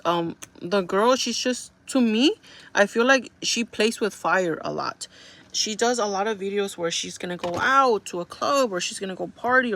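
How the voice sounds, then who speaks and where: A woman's voice: mid-range voice, fairly bright tone. Chatty young woman rambling with fillers. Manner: rambling, filler-heavy storytelling with frequent "like". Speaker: vlogger. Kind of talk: casual chat.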